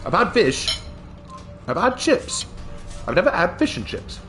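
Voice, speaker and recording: A man's voice: high-pitched, big pitch swings, measured pace, sharp tone, soft background music. A gaming streamer, a man, chatting playfully through his gameplay in an exaggerated put-on British accent, tacking jokey slang tags onto his lines. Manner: chuckles often, jokey tags. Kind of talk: casual gameplay commentary.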